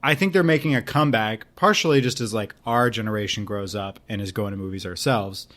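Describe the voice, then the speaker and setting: A man's voice: fairly low pitch, a little fast, fairly bright tone. A man talking casually as a podcast guest, rambling and hedging, with lots of "like". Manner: rambling, heavy with "like" and hedges. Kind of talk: casual chat.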